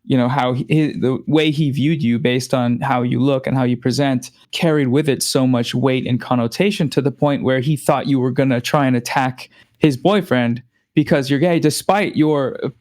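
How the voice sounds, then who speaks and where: A man's voice: mid-range voice, steady tone, moderate pace, darkish tone. Earnest, reflective man in conversation. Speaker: guest. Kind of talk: casual conversation.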